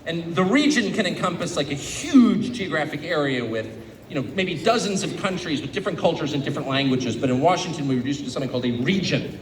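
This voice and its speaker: An American man giving a public speech to an audience in a sarcastic, animated way. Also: a little high, fast, a little hiss or hum. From United States. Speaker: guest speaker. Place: event venue before an audience. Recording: echoey venue, distant mic, background ambience.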